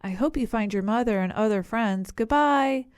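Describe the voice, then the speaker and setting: Polite helpful rhino guy, measured, storybook animal, done by a woman. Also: on the high side, clear, resonant tone, close to an everyday voice.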